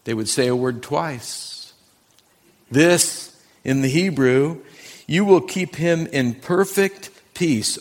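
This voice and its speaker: A man, a pastor, preaching a Sunday morning sermon, talking to his congregation and slowing down to read scripture with emphasis. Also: on the high side, lively intonation. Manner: earnest, conversational preaching with slow emphatic scripture reading. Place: church sanctuary.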